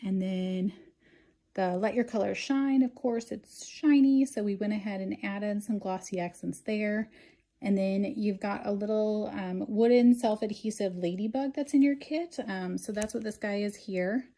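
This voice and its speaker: Her voice is soft and mellow at a typical middle pitch as she guides viewers through a craft project one step at a time. As host of the tutorial, she keeps things chatty and relaxed, frequently saying um.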